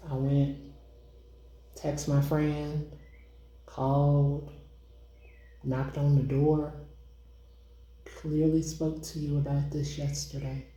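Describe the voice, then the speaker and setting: Chatty low-voiced woman in echoey kitchen. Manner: chatty and excitable, addresses viewers as y'all. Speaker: home cooking vlogger. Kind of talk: casual cooking vlog. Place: home kitchen, indoors.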